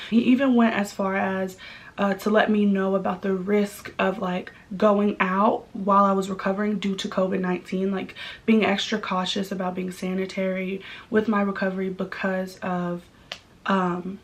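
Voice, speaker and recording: A young woman telling a personal story in a casual vlog, chatty and candid, with many likes and ums. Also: mid-range voice. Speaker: vlogger.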